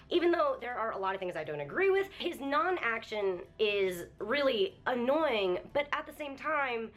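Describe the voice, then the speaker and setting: A young woman vlogger giving an emotional, animated anime review rant, swearing freely. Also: fairly high pitch. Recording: faint music behind.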